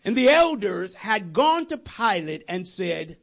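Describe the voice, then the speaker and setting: A man preaching an animated, conversational storytelling sermon with jokey asides. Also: sits high, measured pace, creaky, hardly any pauses.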